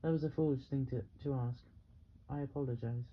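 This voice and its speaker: A man's voice: mid-range voice, fairly even intonation, a little fast, lo-fi sound, close to an everyday voice. Man playing a strict art teacher guy, curt bossy orders, faint hiss. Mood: firm. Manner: curt, scolding commands. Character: stern, demanding male art teacher.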